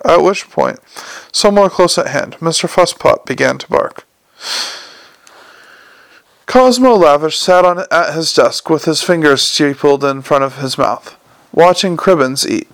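A man reading a comic novel aloud as narrator, in a dry, measured storytelling manner. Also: fairly high pitch, vocal fry, fairly bright tone, no room sound. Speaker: audiobook narrator. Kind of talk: scripted narration.

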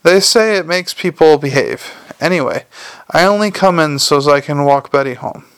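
A man's voice: on the high side, moderate pace, a bit bright, smooth, dry recording. A man voicing a scruffy, chatty male watchman corporal who talks in a cheerfully matter-of-fact way in an audiobook. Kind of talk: audiobook character voice.

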